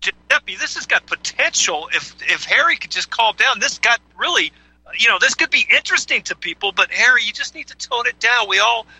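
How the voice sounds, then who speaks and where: A man co-hosting a call-in radio show who tries to calm a guest down, pleading for restraint. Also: very high-pitched, a little fast, gravelly, slightly rough, dry recording, poor audio. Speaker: co-host.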